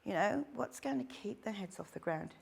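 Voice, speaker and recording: A woman's voice: medium pitch, normal speed, creaky, husky. A middle-aged woman giving a chatty workshop talk to dog training instructors. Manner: chatty, animated, acts out little quotes.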